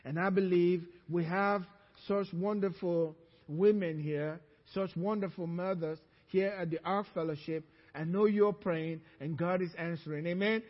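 A high-pitched man preaching slowly, his voice swinging from loud, urgent calls down to hushed, low lines. He sounds like he is in a church hall, with a long echo hanging after each phrase. The recording is dull and lo-fi. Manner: preaching that surges to loud emphatic calls, then drops low and quiet. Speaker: pastor. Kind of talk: sermon.

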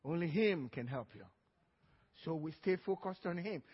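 A man's voice: a little high, lively intonation, moderate pace, slightly rough. A male pastor preaching a sermon in church, emphatic, often calling for an amen. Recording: dull, echoey church hall.

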